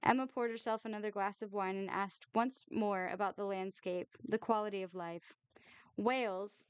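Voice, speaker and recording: A woman reads a novel aloud at a measured, expressive pace. Her voice is smooth and clear, recorded close and dry with no room sound. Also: mid-range voice, dry recording. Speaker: streamer reading a novel aloud.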